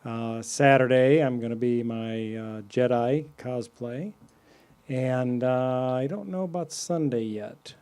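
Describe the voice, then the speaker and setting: A man's voice: mid-range voice, slow, a little mellow, clean tone. A man co-hosting a podcast, chatting casually in an easygoing, friendly way. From Midwestern United States. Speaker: podcast co-host. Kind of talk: casual chat.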